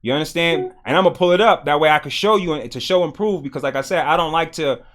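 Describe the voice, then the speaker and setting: A man hosting a livestream, arguing loudly and emphatically with a guest, with frequent profanity. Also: a little high, fast. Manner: loud, emphatic, profane, argumentative. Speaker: livestream host. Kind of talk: heated political debate on a livestream.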